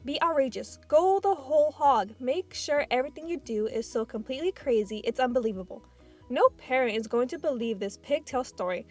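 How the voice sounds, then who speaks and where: A clever little girl, read by a woman in a storybook, explains her reasoning earnestly and calmly. The voice sits high and steady. Faint music plays underneath. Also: a little fast. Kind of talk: audiobook reading.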